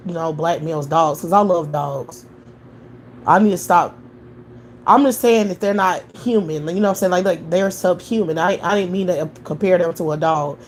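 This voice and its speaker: A young adult woman hosting a live stream answers chat in a profane, scornful rant punctuated by mocking laughter. Her voice is fairly low, with slight background noise.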